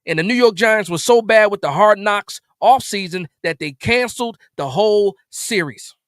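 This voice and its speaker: A man's voice: high-pitched, lively intonation, normal speed, fairly bright tone, dry recording, studio quality. A man hosting a live post-game reaction stream, upset and stammering with repeated words as he vents. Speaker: sports stream host.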